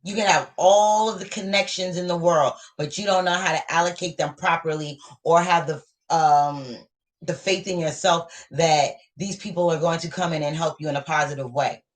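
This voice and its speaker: A woman gives a live tarot reading to viewers in a deep, steady voice at a moderate pace. She is motivational and affirming, repeating her points for emphasis.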